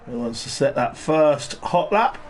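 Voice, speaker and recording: A man giving relaxed live commentary on an online race and greeting viewers in the chat. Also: medium pitch, measured pace. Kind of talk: live sim-racing commentary. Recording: noisy stream with engine sound behind.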